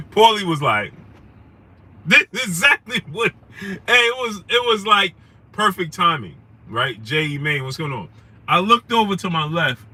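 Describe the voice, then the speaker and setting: A young man, hosting a casual livestream, telling a story animatedly and shouting out viewers. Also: a little high. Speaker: livestream host. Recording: noisy street background.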